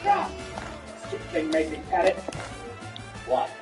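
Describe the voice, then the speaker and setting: A woman's voice: low-pitched, huge pitch swings, a little slow. A woman streamer giving casual let's-play commentary, sarcastic and profane, talking back at the game. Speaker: gaming streamer. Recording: roomy, distant mic with game music.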